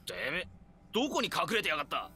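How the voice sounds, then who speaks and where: Fast-talking, bright-voiced young game hoodlum, crude and taunting. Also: male voice, fairly high pitch, huge pitch swings, breathy edge, exaggerated voice. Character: young male hoodlum, crude and eager to brawl.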